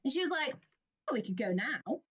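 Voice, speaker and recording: English woman podcast host, tells stories all animated, kinda high voice. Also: brisk, breathy edge, lo-fi sound. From England. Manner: animated storytelling with laughs and quoted voices. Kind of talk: casual chat, storytelling.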